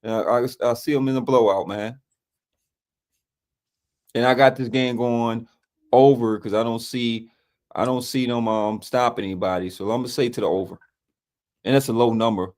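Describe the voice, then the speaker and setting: A man's voice: mid-range voice, steady tone, moderate pace, pauses often, darkish tone. A man co-hosting a casual sports picks show, folksy, filling every line with "man" and "y'all". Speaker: co-host.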